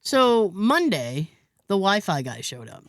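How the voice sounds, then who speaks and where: Woman podcast host, chatty storyteller, laughs a lot, lively pitch. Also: slow, no echo, clean studio sound. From Massachusetts, USA. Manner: lively, laughs often, acts out other people's lines. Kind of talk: casual storytelling chat.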